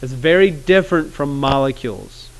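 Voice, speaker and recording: A man teaching chemistry in a classroom, casual and joking, with awkward pauses. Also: mid-range voice, animated, vocal fry. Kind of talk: classroom lecture.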